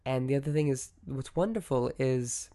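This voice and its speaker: A man's voice: mid-range voice, moderate pace, dark tone. A man hosting a solo podcast, talking through his thoughts in a reflective, conversational way, with many fillers and self-corrections. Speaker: podcast host. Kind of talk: solo podcast monologue on mental health.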